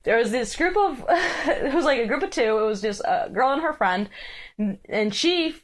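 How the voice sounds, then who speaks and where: A young woman co-hosting a podcast, telling a story in a casual, animated way, swearing and acting out what people said. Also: fairly high pitch, normal speed, low-quality recording. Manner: animated, acts out quoted voices, swears. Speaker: podcast co-host.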